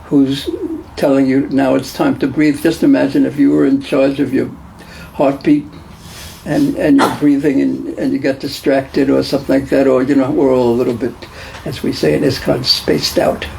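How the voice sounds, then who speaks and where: Gravelly-voiced man giving a devotional class. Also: medium pitch, level tone, moderate pace, darkish tone, a little hiss or hum, poor audio. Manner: conversational, repeats and restarts phrases, asks the class questions. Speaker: lecturer on scripture.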